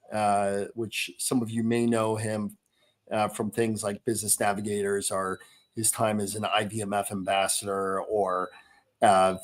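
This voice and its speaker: A middle-aged man hosts a casual podcast chat, his voice sitting fairly low. He rambles through his points with plenty of fillers and restarts. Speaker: podcast host.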